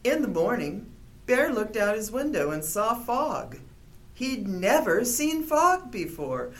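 A woman reading a children's picture book aloud in a gentle, expressive storytelling manner. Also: fairly high pitch, takes it slowly. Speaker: storybook reader.

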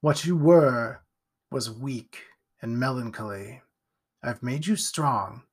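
A man's voice: mid-range voice, slightly rough. A man voicing an ancient demonic creature. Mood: menacing. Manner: slow, soft, coaxing menace. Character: ancient demonic male creature, sly and menacing.

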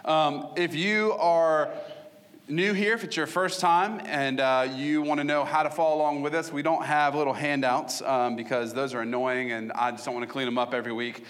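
A man's voice: on the high side, fairly even intonation, moderate pace. A man preaching as pastor to his church, easygoing and conversational, with frequent ums and restarts. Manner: casual, warm-hearted preaching with fillers and restarts. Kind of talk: sermon. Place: church sanctuary.

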